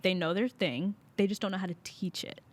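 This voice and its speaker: A woman's voice: medium pitch, fairly even intonation, fairly quick. A young woman co-hosting a podcast, chatting casually with lots of fillers and laughs. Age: young adult. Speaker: podcast co-host. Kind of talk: casual chat.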